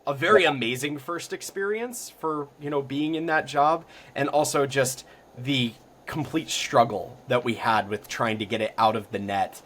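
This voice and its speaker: A young man from Florida, a podcast guest telling stories in a casual, rambling way full of ums and likes that grows lively at the exciting parts. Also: medium pitch, moderate pace. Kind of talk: casual storytelling.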